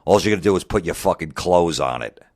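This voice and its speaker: A man's voice: low-pitched, expressive, quick pace, darkish tone, dry recording, studio quality. A comedian in his forties delivering an angry, mocking, profane comedic rant. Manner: angry, mocking, heavy swearing.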